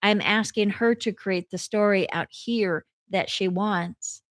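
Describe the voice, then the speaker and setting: A woman's voice: medium pitch, fairly even intonation, slow, no echo, studio quality. A woman life coach and hypnotherapist talking casually and candidly, telling stories to her audience. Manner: candid, chatty storyteller.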